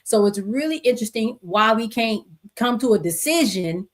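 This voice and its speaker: A middle-aged woman podcast host, talking casually, animated and laughing often as she reads stories aloud. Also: a little high, normal speed. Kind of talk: casual solo commentary. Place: home desk with two computer screens.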